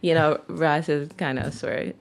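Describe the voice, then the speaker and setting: A woman's voice: low-pitched, fairly even intonation, a little slow, gravelly. A woman in her thirties with a Jamaican accent, chatting as a guest in an interview and laughing often. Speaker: guest, clothing designer. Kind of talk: casual interview.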